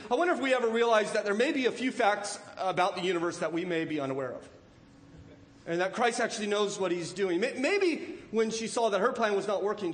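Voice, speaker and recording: A man preaching a sermon, animated, acting out the lines of the people in the story and asking rhetorical questions. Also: high-pitched, reverberant. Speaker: pastor.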